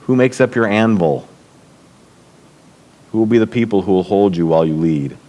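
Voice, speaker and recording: A man's voice: lowish voice, animated, moderate pace. Middle-aged man telling stories at a church event. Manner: warm storytelling, acts out quotes with raised voice. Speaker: speaker at a church leadership event. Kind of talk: storytelling talk.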